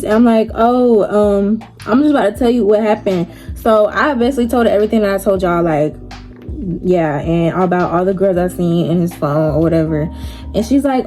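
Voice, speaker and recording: A woman's voice: mid-range voice, fairly quick, mellow, faint music behind. A young woman telling a story casually while doing her makeup, chatty and slangy, laughing often. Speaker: vlogger.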